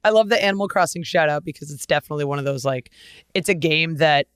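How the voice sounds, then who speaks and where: A man's voice: on the high side, fast talker, a bit bright, clean tone, no room sound, studio quality. A man hosting a podcast, upbeat and enthusiastic in casual chat. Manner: upbeat, enthusiastic, laughs easily. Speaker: podcast host.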